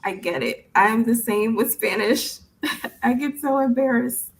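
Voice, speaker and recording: A young woman tutoring English over a video call, patient and gently correcting, often laughing. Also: on the high side, a little slow, a little hiss or hum, poor audio. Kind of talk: casual online tutoring chat.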